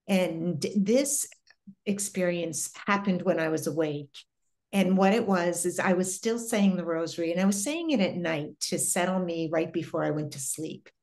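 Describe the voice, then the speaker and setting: A middle-aged woman speaking as an interview guest, telling a personal story in an earnest, reflective way with pauses and restarts. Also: fairly low pitch, darkish tone.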